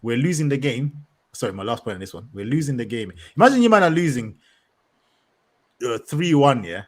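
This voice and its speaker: A man's voice: mid-range voice, a little fast. Young man ranting on a football podcast. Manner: animated, laughing, street slang, rants at length. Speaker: podcast co-host. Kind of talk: casual football podcast rant.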